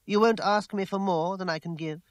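A troubled young woman speaks in a raised, emotional, pleading way, voiced by a man reading aloud. The voice sits higher than his own, the delivery is tearful and proud, and the sound is dry with no room echo. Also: steady tone, normal speed, lightly acted. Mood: wary. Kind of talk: audiobook character voice.

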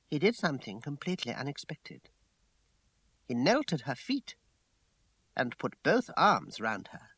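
A man giving a measured, dramatic first-person audiobook narration. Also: mid-range voice, sing-song, a bit bright, husky, no room sound. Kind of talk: scripted narration.

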